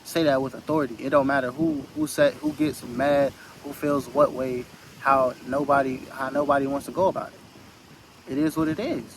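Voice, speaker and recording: A man's voice: mid-range voice, expressive, moderate pace, background noise. Earnest man preaching casually into a phone. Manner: earnest, rambling, repeats phrases for emphasis. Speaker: spiritual vlogger. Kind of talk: casual motivational talk.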